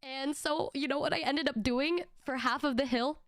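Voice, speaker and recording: A young adult woman streamer telling a casual story, animated and laughing, with lots of swearing and stammered restarts. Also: sits high, moderate pace, no echo, clean studio sound. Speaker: VTuber streamer.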